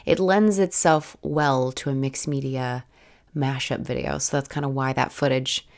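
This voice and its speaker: A young woman talks over her art footage in a relaxed, rambling way, full of little restarts and "like"s. Her voice is low and raspy from a head cold. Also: measured pace. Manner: rambling, casual, many "like"s and restarts. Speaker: art channel host.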